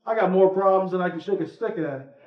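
A man voicing a gravely ill middle-aged Southern man who speaks in a folksy, plainspoken, heartfelt way, with a Southern US accent. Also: high-pitched, brisk, natural voice. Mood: weary, earnest. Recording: echoey room, from far off, muffled.

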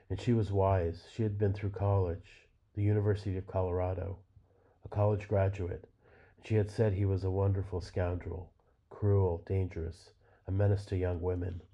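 A man reading a novel aloud in a measured, unhurried way. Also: low voice. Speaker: reader. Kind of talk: literary fiction reading. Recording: dull lo-fi recording.

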